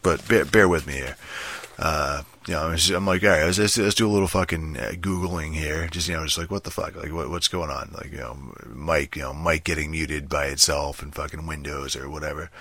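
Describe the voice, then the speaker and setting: Very deep male voice, casual cursing ramble into a headset mic at home, dry sound. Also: fairly even intonation, fairly quick, gravelly, hardly any pauses, pushed and bright, no room sound. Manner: swears constantly, rambling with many restarts and fillers.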